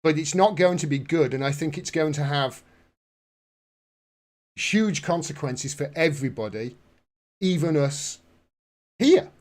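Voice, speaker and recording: A man's voice: fairly high pitch, animated, unhurried, pauses often, darkish tone. A man giving casual political commentary on a vlog in an indignant, sarcastic way. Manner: indignant, sarcastic, rising to outbursts. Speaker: commentary vlogger.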